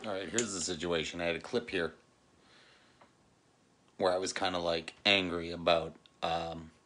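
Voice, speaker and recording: A man's voice: low-pitched, fairly even intonation, normal speed, pushed and bright, slight background noise. A middle-aged man talking casually to camera as a family vlogger, joking one moment and earnest the next. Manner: joking, turning earnest and reflective. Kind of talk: casual vlog chat.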